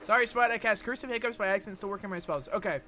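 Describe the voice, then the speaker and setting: A man's voice: high voice, rapid-fire, pushed and bright, faint music behind. A man from Texas streaming a game, rambling and swearing as he reads chat messages aloud and jokes back at them. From Texas, USA. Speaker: gaming streamer. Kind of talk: casual livestream chat while gaming.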